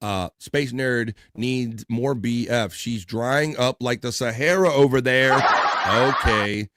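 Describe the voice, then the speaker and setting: A man's voice: medium pitch, slow, very noisy. A man hosting a casual live-stream show, joking and laughing as he reads viewer comments. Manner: joking, laid-back, laughs often. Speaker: livestream show host.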